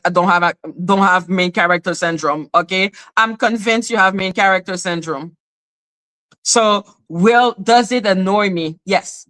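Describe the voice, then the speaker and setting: A woman from Canada, holds forth on her live stream in a heated, casual rant. Her voice is bright and sharp, and she leans hard on her points, swears without pause and slips into high squeaky voices to mimic others. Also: clean tone.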